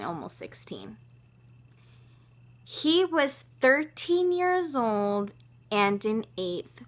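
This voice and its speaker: An eighteen-year-old woman telling a personal story to her vlog viewers, animated and exasperated, with lots of fillers and restarts. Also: medium pitch. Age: young adult. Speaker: vlogger.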